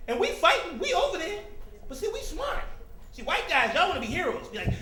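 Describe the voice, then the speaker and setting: High-voiced, animated male stand-up comic. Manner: animated, teasing the crowd, jumps into quick character voices. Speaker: stand-up comedian. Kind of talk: stand-up comedy routine. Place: comedy club stage before a live audience. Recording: echoey club with crowd laughter.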